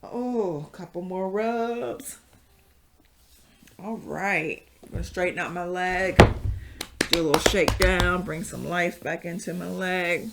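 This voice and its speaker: A woman's voice: on the low side, a little slow, vocal fry, heavy background noise. A woman leading a casual yoga class, chatty and rambling, with many fillers and frequent laughs. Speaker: yoga instructor.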